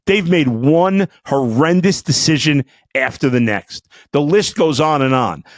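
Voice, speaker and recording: A man in the middle of an angry sports talk rant, firing off profanity and jumping between loud bursts and low, disgusted grumbling. His voice sits at a middle pitch. The sound is dry and close to the mic, with no room around it. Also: no room sound. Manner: fiery, profane, swings between shouting and muttering. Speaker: sports talk podcast host.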